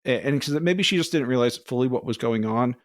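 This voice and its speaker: A man co-hosting a podcast, telling long, rambling personal stories in a casual, animated way. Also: mid-range voice, a little fast, no room sound, clean studio sound. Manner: rambling, animated, acts out quoted voices. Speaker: podcast co-host. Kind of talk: casual storytelling.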